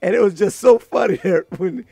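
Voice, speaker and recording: High, gravelly, teasing male co-host. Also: normal speed, no echo. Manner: teasing, laughs a lot, lively storyteller. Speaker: podcast co-host. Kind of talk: casual chat.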